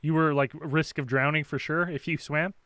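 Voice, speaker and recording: A man's voice: a little high, fairly even intonation, normal speed, a bit bright, clear, resonant tone, dry recording. A man hosting a call-in podcast, talking in an upbeat, chatty way. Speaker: host. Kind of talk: casual chat.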